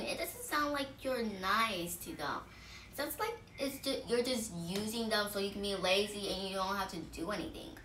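Woman vlogger, earnest and simple, bright voice, faint room noise behind. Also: medium pitch, lively intonation, normal speed, far from the mic. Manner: simple, earnest explaining with restarts. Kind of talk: casual explainer vlog. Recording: echoey room, voice off the mic.

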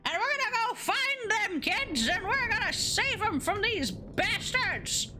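High, excitable, swearing woman streamer. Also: unhurried, soft background music. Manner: loud, profane, excitable. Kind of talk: casual gameplay commentary.

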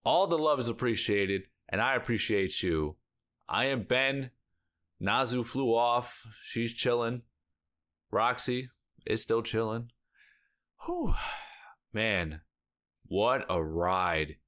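A reaction channel host chats casually in a vlog about a show, rambling and leaning heavily on the filler "like." He gets emotional, sighing and exclaiming, in a medium-pitched, fairly bright voice at a slow pace.

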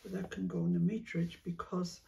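A woman chatting casually as she sorts fabric for a craft vlog, musing aloud and dropping into soft whispered asides, with a cough now and then. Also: on the low side, very animated, a little fast, distant mic, a little hiss or hum. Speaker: craft vlogger. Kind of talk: casual chat while sorting fabric.

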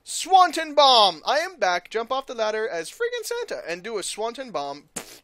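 A man doing gameplay commentary, with loud exaggerated outbursts, yelling and groaning as his character dies. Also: high voice, wildly swooping pitch, moderate pace, no room sound. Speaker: let's player.

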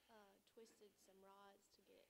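A woman in the congregation giving brief, soft, even answers, heard from far off in a church. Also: mid-range voice, unhurried. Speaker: congregation member answering the pastor. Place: church sanctuary. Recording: distant with long reverb in a church hall.

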